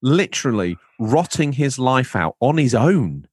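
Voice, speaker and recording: A man's voice: mid-range voice, sing-song, a little slow, husky, no room sound. A man chatting casually about a film, making wry, dry comments. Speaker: podcast co-host.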